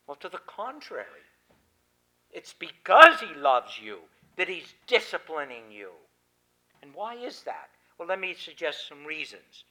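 A man preaching a sermon on scripture, swinging between loud emphatic declarations and quiet asides. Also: fairly high pitch, very animated, a little slow, rough recording.

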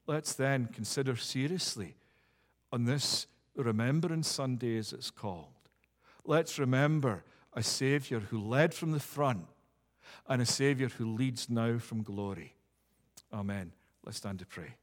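A man preaching a sermon and leading prayer, building to fervent swells and dropping to hushed, intimate asides. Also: mid-range voice, unhurried. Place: church. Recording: long reverb of a church hall.

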